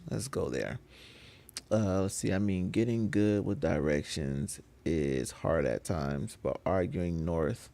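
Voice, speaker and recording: A man chatting casually with viewers on a gaming live stream, laughing often and getting animated when he rants. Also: sits low, slow, vocal fry. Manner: laid-back, laughs often, gets animated when ranting.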